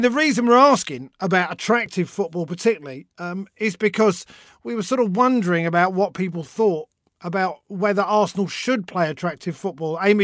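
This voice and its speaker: A man hosting a podcast, reading an ad and putting questions to guests in a brisk, upbeat way. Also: high voice, no room sound, clean studio sound. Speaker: podcast host.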